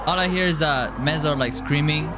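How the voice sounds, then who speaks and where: A man giving jokey, excitable commentary while playing a horror game, often yelping and screaming. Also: fairly high pitch, moderate pace, music in the background, crowd noise. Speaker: gaming YouTuber.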